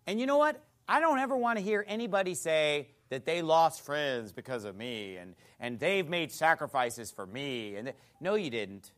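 A man's voice: fairly high pitch, lively intonation, moderate pace, few pauses, fairly bright tone. A male pastor preaching a sermon in a church, blunt and mocking.

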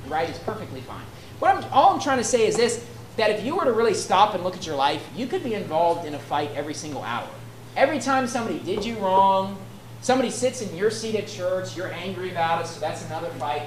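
This woman's mid-range voice carries slight background noise as she preaches an expository sermon in an echoey room with faint ambience. Reading passages of scripture, she explains them in a chatty way and keeps asking her listeners "right?"

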